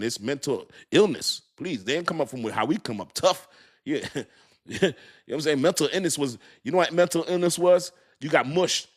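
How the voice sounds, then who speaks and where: A man's voice: medium pitch, slightly rough. A man hosting a crypto livestream, chatting loosely with his viewers, reading their comments, joking and laughing often, searching aloud for words.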